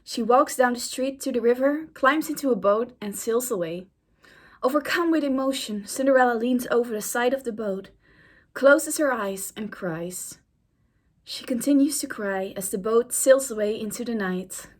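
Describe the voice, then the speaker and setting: A woman's voice: on the high side, moderate pace. Casual young woman narrating a story. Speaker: YouTuber. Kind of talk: reading an AI-written story aloud.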